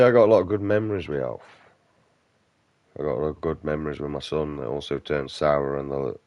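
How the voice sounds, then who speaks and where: A man's voice: extremely low pitch, creaky, a little mellow, no room sound. A man giving casual gameplay commentary, ranting bluntly and swearing a lot. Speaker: game streamer.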